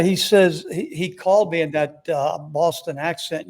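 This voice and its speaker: Slightly high-pitched older man telling stories. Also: fairly even intonation, a little slow, a little mellow. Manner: rambling, frequent fillers, self-deprecating humor. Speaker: guest, former baseball manager. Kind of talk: casual storytelling interview.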